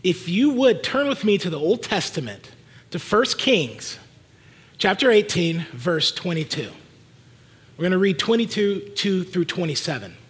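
Husky high-voiced male pastor preaching. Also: very animated, measured pace. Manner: conversational preaching, asks the congregation questions. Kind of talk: sermon.

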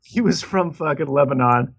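A man's voice: on the high side, moderate pace, gravelly, a bit bright. A man co-hosting a casual podcast over a call, telling a long story in a rambling way, full of swearing and restarts. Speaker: podcast co-host. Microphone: Skype call.

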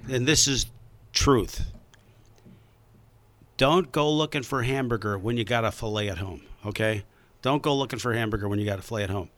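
Bright-voiced guy hosting a talk podcast, rambly and chatty, lots of you knows. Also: medium pitch, moderate pace. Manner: chatty, rambling with many fillers. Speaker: podcast host. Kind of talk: casual radio-style show hosting.

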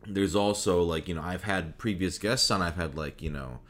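A man hosting a podcast interview, talking in a relaxed way with lots of "like" fillers and casual swearing. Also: deep voice, moderate pace. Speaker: podcast host.

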